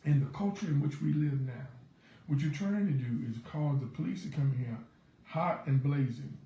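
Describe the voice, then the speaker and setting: A man's voice: on the high side, normal speed, dark tone, echoey room, dull audio. A man, a pastor hosting his morning show, telling a story animatedly and acting out the quotes. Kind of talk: storytelling devotional talk.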